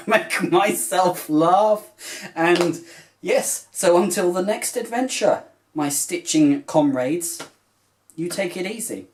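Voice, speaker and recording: A man's voice: on the high side, a little mellow. A man who vlogs about cross stitch talks to camera in a casual, rambling, heartfelt way, with many filler phrases along the way.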